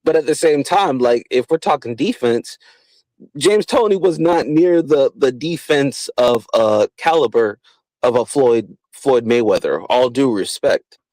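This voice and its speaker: A man hosting a podcast in casual chat, getting animated when he describes fights. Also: medium pitch, unhurried, no room sound, poor audio. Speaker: podcast host.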